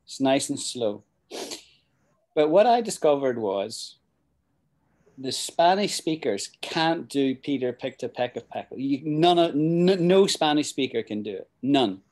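A middle-aged Scottish man gives a relaxed, conversational English lesson, circling back and restarting his thoughts as he goes. His voice is mellow and warm, sitting at an ordinary pitch for a man. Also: measured pace. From Scotland. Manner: chatty and rambling, with frequent restarts and "you know". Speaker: English teacher. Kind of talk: casual spoken English lesson.

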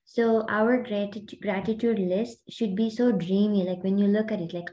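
A woman's voice: mid-range voice, fairly even intonation, normal speed, few pauses, mellow, slight background noise, rough recording. A woman hosting and coaching a group on a video call, talking in a chatty, rambling way full of fillers. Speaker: host and mindset coach.

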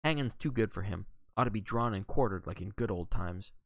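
A man reading a novel aloud, voicing a gruff, blunt middle-aged Englishwoman with a snappish, scornful manner. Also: fairly low pitch, animated, a little fast, no room sound. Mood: indignant.

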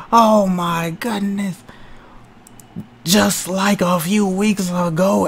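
A young man calls a video game wrestling match like a hyped-up ringside commentator, shouting exclamations and tossing in slang and profanity. His voice has a gravelly edge, and a faint hiss sits behind him. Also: high-pitched. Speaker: gamer doing mock commentary. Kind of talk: playful mock wrestling commentary over gameplay.

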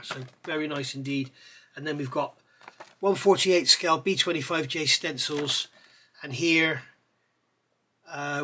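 A man reviewing scale model parts in a chatty way, pausing with fillers and correcting himself as he goes. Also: a little high, sharp tone, breathy edge. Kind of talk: casual product review.

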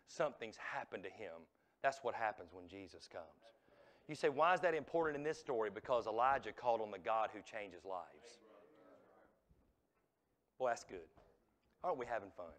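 A man preaching a revival sermon in a church, swinging from hushed, drawn-out lines to loud, shouted ones. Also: fairly low pitch. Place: church sanctuary.

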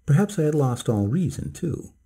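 Male storyteller for a bedtime tale, mellow and husky, dramatic first-person delivery. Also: on the high side, big pitch swings. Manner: slow, measured, dramatic first-person telling. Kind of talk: scripted narration of a bedtime story.

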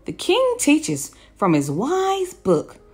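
A shrill, hooting wise owl from a children's storybook, put on by a woman reading aloud. Its voice shoots far above her own and calls out loudly, with big leaps in pitch. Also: huge pitch swings, slow, soft background music, full character voice. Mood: instructive.

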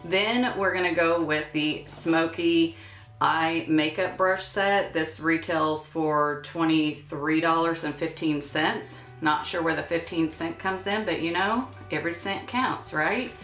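A woman's voice: low-pitched, measured pace. A woman chatting casually through a makeup unboxing, with playful asides. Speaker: beauty vlogger. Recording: echoey room with soft music.

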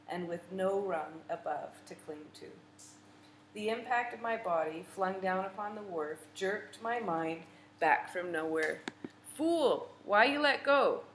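A woman narrating a literary audiobook in a measured, vivid storytelling manner. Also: on the low side. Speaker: audiobook reader. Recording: echoey room with faint noise.

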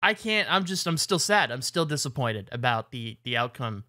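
Man, podcast co-host, bright tense tone, teasing, casual chat. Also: medium pitch, big pitch swings, normal speed, no room sound, clean studio sound. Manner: teasing, laughs often.

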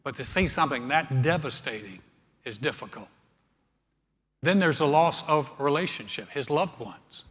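Earnest preaching man in a reverberant church. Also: a little high. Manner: earnest preaching, swelling louder when quoting scripture. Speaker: pastor. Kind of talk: sermon. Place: church sanctuary.

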